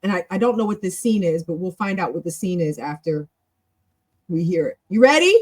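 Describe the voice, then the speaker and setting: A woman's voice: on the low side, lively intonation, fairly quick, poor audio. A woman hosting a language club, teaching in a chatty, encouraging, long-winded way on a casual live stream.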